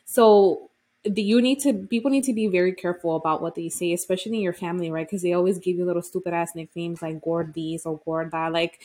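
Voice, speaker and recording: A woman's voice: fairly low pitch, steady tone, fairly quick, darkish tone. A young woman co-hosting a podcast, telling personal stories frankly and heatedly, with plenty of swearing. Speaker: podcast co-host. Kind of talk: casual podcast chat.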